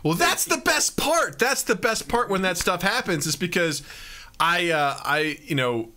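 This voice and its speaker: Speaking at a measured pace in a high-pitched voice, this man hosts a podcast full of casual chat. He tells funny stories with animation, playing out his own outbursts as he goes.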